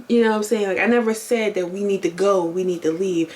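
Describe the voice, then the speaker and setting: A woman in her twenties talks straight to her camera in a loose, chatty vlog style. She rambles and circles back, restarts her sentences and fills the gaps with ums and likes. Her voice sits at an ordinary middle pitch for a woman, picked up by a small camera mic. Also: steady tone, fast, hardly any pauses. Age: 20s. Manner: rambling, chatty, self-correcting, many fillers. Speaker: vlogger. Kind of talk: casual storytelling to camera. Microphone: compact camera on-board mic.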